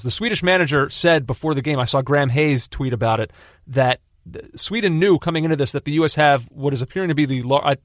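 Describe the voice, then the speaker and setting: A man's voice: mid-range voice, no room sound, studio quality. A man co-hosting a podcast in casual sports chat, talkative and teasing, with plenty of filler words. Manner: teasing, chatty, lots of fillers like kinda and like. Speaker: podcast co-host.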